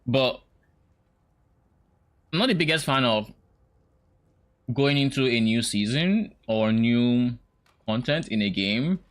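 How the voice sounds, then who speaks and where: A man's voice: medium pitch, lively intonation, slow pace, long pauses. A young man streaming, giving casual, opinionated reaction commentary with hesitant restarts.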